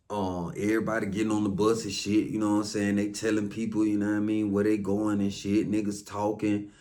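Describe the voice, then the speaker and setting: A man with an Atlanta Southern accent telling a first-hand story casually, profane and loose, acting out quotes with lively voices. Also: lowish voice. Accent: Southern American, Atlanta.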